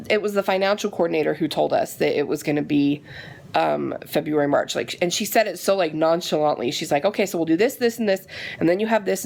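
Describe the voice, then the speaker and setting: A woman vlogging casually and retelling her day in a chatty, animated way, with a frustrated edge. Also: lowish voice, creaky. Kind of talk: casual vlog chat.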